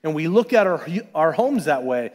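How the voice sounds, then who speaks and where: A man giving a sermon as pastor, talking in a conversational, animated way with asides to the congregation. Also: on the high side, moderate pace. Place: church sanctuary. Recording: long church hall reverb.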